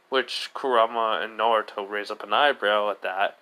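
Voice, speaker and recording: A man's voice: on the low side, fairly even intonation, normal speed, hardly any pauses, sharp tone. A man narrating an improvised fan story in a rambling way, leaning on "basically" and "he goes".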